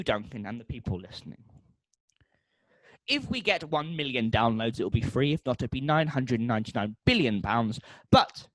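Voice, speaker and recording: A man co-hosting a podcast, pitching a made-up product in comic style and making beeping sound effects. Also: dry recording. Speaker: podcast co-host.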